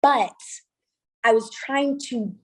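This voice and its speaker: A woman's voice: on the high side, slow. Chatty woman in her thirties. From California. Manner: chatty, animated storytelling with quoted dialogue. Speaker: venue owner and wedding designer. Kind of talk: interview conversation.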